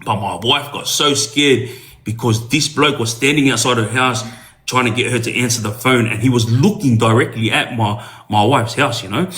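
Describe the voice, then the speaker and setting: A man's voice: mid-range voice, a bit bright. A man telling a personal story in casual talk, earnest, with many hesitations and restarts. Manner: earnest, speaks straight to younger listeners. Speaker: podcast guest telling a story.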